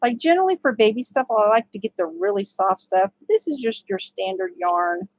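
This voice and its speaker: A woman's voice: medium pitch, animated, normal speed, no room sound, poor audio. A woman giving a casual step-by-step crochet tutorial, chatty and laughing often. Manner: chatty, laughs often, talks to her dogs.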